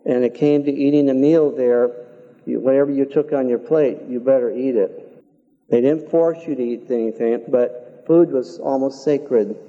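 An older man preaching a sermon in a church, talking in an earnest, measured way and telling folksy stories. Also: medium pitch, fairly even intonation. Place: church sanctuary. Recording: dull, reverberant church hall.

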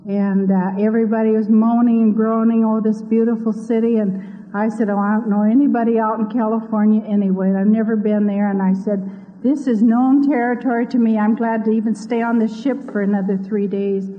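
A woman's voice: on the high side, steady tone, fairly quick. A woman from Iowa gives an earnest, devout personal testimony, telling her story. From Iowa, USA. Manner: earnest, devout, speaks openly of her faith. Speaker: speaker giving a personal testimony. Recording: tinny lo-fi audio with long hall reverb.

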